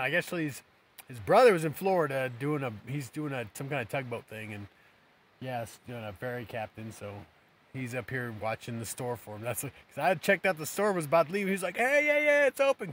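A man's voice: mid-range voice, expressive, fast talker, slight background noise. A man chatting casually in a rambling, upbeat way while at a riverside campground. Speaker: vlogger. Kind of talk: casual camping vlog.

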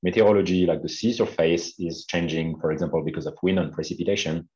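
Man, French accent, very low voice, muffled lo-fi call audio, hesitant seminar talk. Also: fairly even intonation, fast, darkish tone. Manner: hesitant, many fillers. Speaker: guest speaker. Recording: dull lo-fi video call audio.

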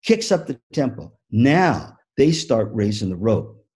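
A man giving a motivational keynote talk on music teaching, an animated storyteller who acts out the story. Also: fairly low pitch, slow, breathy edge. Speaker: music education speaker.

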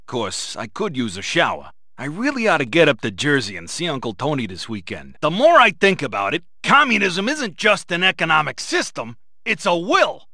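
An actor voicing a brash dock worker in a video game, who grumbles in a rough working-class way. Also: male voice, on the high side, wildly swooping pitch, moderate pace, bright, forceful tone, dry recording, studio quality, exaggerated voice. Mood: grumbling. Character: brash male dock worker, would-be communist intellectual.

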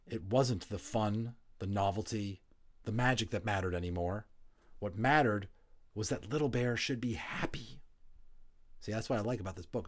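A man reading a novel aloud as an audiobook, relaxed, with chatty asides and small slips. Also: fairly low pitch. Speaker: audiobook reader, voice actor.

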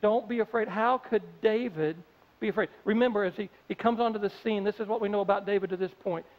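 High-voiced preacher in a long hall. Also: male voice, fast talker. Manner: storytelling, acts out characters, conversational. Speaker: pastor. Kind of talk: sermon. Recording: dull audio with long hall reverb.

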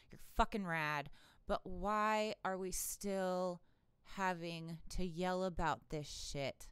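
A woman's voice: on the low side, fairly bright tone, smooth, dry recording. A woman hosting her own political commentary channel, ranting in an irritated, sarcastic way with plenty of profanity and exasperated laughs.

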